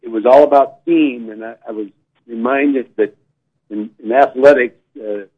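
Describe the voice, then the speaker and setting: Husky man commissioner on a phone line. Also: medium pitch, moderate pace. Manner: conversational, with small restarts. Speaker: utility commissioner. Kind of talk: comments at a board meeting.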